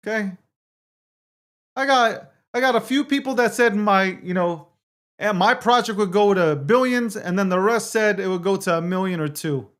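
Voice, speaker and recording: A man's voice: high voice, moderate pace, a bit bright. A man hosting his own live show, casually chatting and reading viewer comments aloud, swearing freely and swinging between mock hurt feelings and getting fired up. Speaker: livestream show host. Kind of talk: casual live-stream chat.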